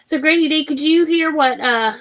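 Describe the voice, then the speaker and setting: A woman's voice: high-pitched, moderate pace, fairly bright tone. A middle-aged woman, chatting casually as a livestream host and reading out comments. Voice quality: chatty, rambling.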